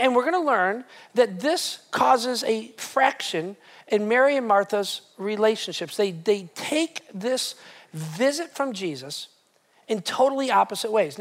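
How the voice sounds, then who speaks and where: A male pastor delivering a sermon to a live congregation, retelling scripture in a lively, conversational way with frequent restarts. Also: sits high, moderate pace. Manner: animated, conversational storytelling with many restarts. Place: church hall with live congregation.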